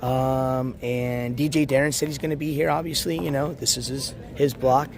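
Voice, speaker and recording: A man livestreaming from a beach in the morning, hoarse and losing his voice, rambling as he walks and shouts out viewers in chat. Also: medium pitch, steady tone, normal speed, slight background noise. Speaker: IRL livestreamer. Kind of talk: casual live-stream chat.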